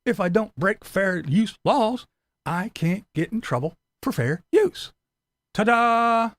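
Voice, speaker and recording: Middle-aged man, profane mocking rant, high-ish voice, dry recording. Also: animated, a little slow, no echo. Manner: blunt, profane and mocking, acts out silly voices. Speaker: commentary channel host. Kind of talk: ranting commentary vlog.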